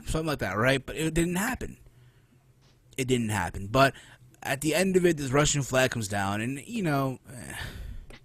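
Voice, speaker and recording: A man hosting a casual wrestling podcast, animated and profane, who keeps tossing in "right?" between points. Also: mid-range voice, normal speed, no echo, clean studio sound. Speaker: podcast host.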